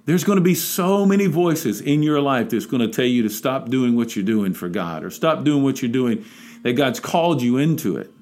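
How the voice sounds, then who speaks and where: A man's voice: mid-range voice, animated, moderate pace, darkish tone. A man preaching a devotional podcast sermon, exhorting and emphatic, building to urgent peaks.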